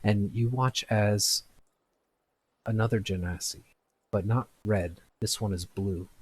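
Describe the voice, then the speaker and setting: Low husky guy narrating his tabletop game, describing everything step by step. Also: fairly even intonation. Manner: descriptive, halting scene-setting. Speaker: game master.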